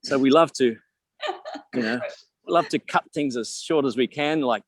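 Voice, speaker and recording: A man's voice: medium pitch, normal speed, pauses often, no echo. Chatty Australian man, dry close sound. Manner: chatty, jokey, asks the audience questions. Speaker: virtual tour guide. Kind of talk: live virtual tour talk.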